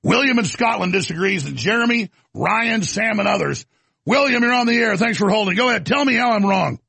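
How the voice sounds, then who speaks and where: Gravelly, shouting talk radio man. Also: sits high, lively intonation, no room sound. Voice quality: gravelly, raspy. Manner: shouting, ranting, fast restarts. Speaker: radio talk show host. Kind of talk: heated on-air rant and call-in.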